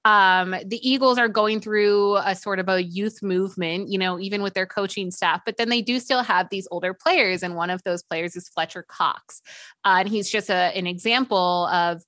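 A woman with a bright, forward voice hosts a sports podcast and leads her guest with upbeat, conversational questions. Her voice comes across dry and close, with no room sound around it. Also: medium pitch, moderate pace, dry recording. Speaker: podcast host. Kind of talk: casual podcast interview.

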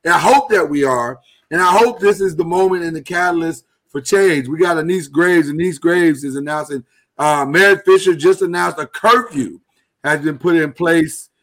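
A man hosting a live talk show, speaking earnestly and haltingly while he holds back emotion. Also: on the high side, a bit bright. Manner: earnest, halting, with many restarts. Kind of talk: casual live-stream talk.

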